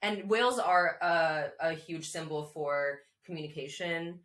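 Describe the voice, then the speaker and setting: A woman's voice: low-pitched, a little slow, a bit bright. A woman guest telling a personal story in a chatty way, full of likes and restarts and frequent laughs. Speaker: podcast guest. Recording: echoey room.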